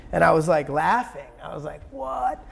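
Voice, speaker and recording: A man's voice: on the high side, gravelly. A man being interviewed as a guest, retelling a personal experience intensely in conversation. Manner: intense, rushing retelling with sudden loud outbursts.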